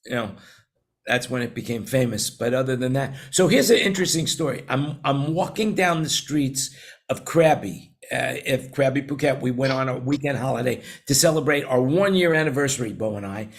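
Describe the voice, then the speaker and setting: A man's voice: mid-range voice, expressive, normal speed. A man in his sixties with a New York accent, hosting a casual roundtable chat and telling long, rambling stories with many restarts. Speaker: show host.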